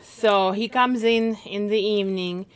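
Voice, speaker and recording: A woman's voice: medium pitch, steady tone, measured pace, clean tone. A woman co-hosting a podcast, recapping a plot in a plain, matter-of-fact way. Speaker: podcast co-host. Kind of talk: casual chat.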